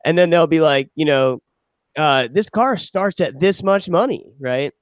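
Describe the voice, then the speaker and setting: A man's voice: on the high side, a little slow, clean tone, dry recording, clean studio sound. A man co-hosting a podcast, chatting casually, swearing freely and laughing as he retells funny videos. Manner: profane, laughing, animated retelling with quoted voices. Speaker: podcast co-host.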